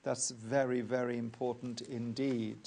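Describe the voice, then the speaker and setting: Man, accounting tutor, recorded lecture, measured, methodical, repeats key points, mid-pitched voice. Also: flat delivery, vocal fry, warm tone.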